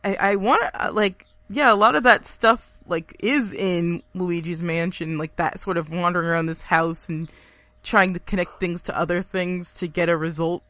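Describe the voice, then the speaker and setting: A woman's voice: fairly low pitch, fairly even intonation, moderate pace, fairly bright tone, no room sound. A woman co-hosting a casual podcast chat, talking with many fillers and frequent laughter. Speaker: podcast co-host.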